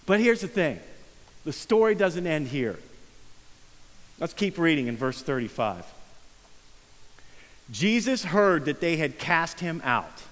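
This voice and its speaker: A male pastor delivers a sermon in an earnest, conversational way, now and then sinking to a hush to drive a point home. His voice sits a little high for a man. The sound carries a long, lingering reverb from a large sanctuary. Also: sing-song, slow, long pauses. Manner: earnest, conversational preaching with soft hushed emphasis.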